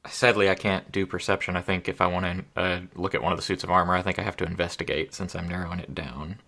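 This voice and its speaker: A man's voice: sits low, flat delivery, quick pace, vocal fry, pushed and bright. A young man playing a tabletop game, casually talking through rules and his character. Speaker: player.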